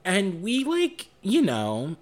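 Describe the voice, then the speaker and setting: Animated young man telling a story. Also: sits high, slow pace. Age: young adult. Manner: animated, swearing often, acts out quoted lines. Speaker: podcast co-host. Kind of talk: casual storytelling chat.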